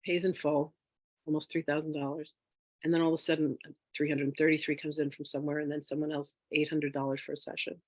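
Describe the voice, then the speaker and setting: A woman telling a personal story in a casual, animated way as a spiritual wealth teacher, with lots of fillers. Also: sits low, quick pace, no room sound. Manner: animated, chatty, with frequent fillers; emotional, near tears.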